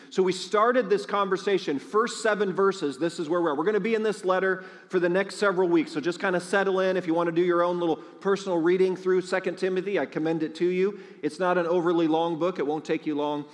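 A man preaching to his congregation, chatty and storytelling, often asking the people questions. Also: fairly high pitch. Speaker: pastor. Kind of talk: sermon with announcements. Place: large church sanctuary. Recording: long hall reverb.

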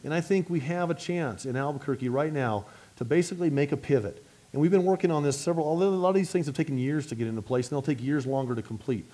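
Man giving a fast mayoral speech. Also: medium pitch. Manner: energetic, fast, with frequent restarts. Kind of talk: luncheon speech and Q&A.

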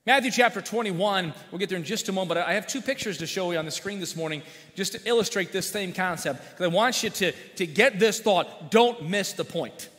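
High bright pastor in a hall. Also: male voice, brisk. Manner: folksy, asks the congregation questions. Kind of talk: sermon with jokes. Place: church sanctuary. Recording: long church hall reverb.

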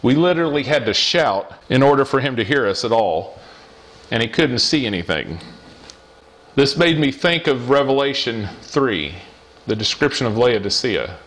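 A middle-aged man preaching a personal testimony in an earnest storytelling manner. His voice sits at an ordinary middle pitch, and he often repeats a phrase or slows right down to stress a point. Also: animated, fairly bright tone. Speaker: lay preacher.

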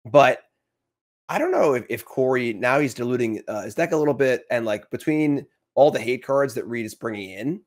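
A man casually commentating a card game match, chatty and quick to laugh, with lots of fillers and restarts. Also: medium pitch, animated.

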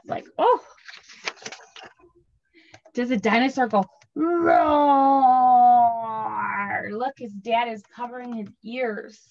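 A woman in her thirties, a teacher leading children's story time, singing simple songs and reading a picture book aloud in a gentle, expressive way. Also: fairly high pitch, moderate pace, few pauses, a little hiss or hum. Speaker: preschool teacher. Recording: dull lo-fi sound.

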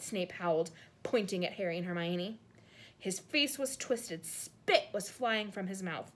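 A woman reading a storybook aloud in an expressive narrating voice. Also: on the low side, measured pace. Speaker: audiobook reader.

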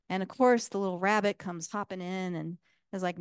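A woman gives a casual, enthusiastic talk as a guest speaker, with plenty of fillers. Her voice is smooth and clear and sits a little low. The sound is close and dry. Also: fairly even intonation, a little fast, dry recording. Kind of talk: public talk.

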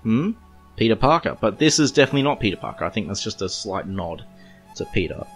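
An Australian man with a low voice recaps a comic book for his podcast. He rambles casually and drops in joking asides, with faint music underneath. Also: sing-song, quick pace. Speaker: podcast host.

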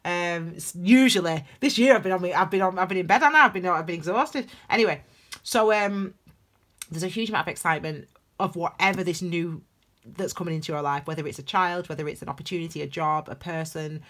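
A woman giving a casual, chatty tarot reading, breaking into animated excited bursts. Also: fairly low pitch, a little fast. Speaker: tarot reader.

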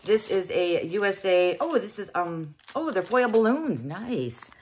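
A woman's voice: medium pitch, lively intonation, measured pace, darkish tone, slight background noise. A middle-aged woman hosting a casual unboxing vlog, chatty and exclaiming as she thinks aloud. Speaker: host.

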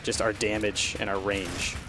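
A man giving live commentary over his own gameplay, chatty and prone to swearing, shifting from hushed focus to loud frustration. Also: lowish voice, little pitch movement, a little slow, music in the background.

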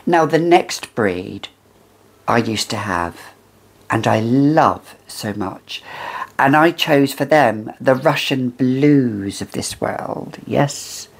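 A fragrance reviewer, musing in a halting, casual way and drifting into soft whispered asides. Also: medium pitch, lively intonation, creaky, husky.

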